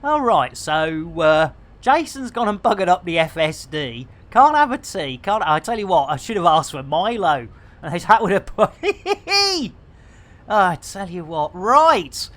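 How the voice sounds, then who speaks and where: A man's voice: high-pitched, very animated, unhurried, fairly bright tone. Jokey British man streaming a game. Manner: jokey, rambling, innuendo-laden. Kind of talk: comedic live gameplay commentary.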